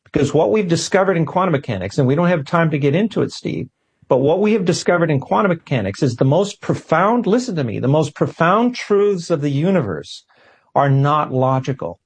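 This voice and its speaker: A man as a talk-show guest, telling a personal story in an animated way and often repeating words as he goes. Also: fairly high pitch, a little fast, breathy edge. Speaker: guest scientist.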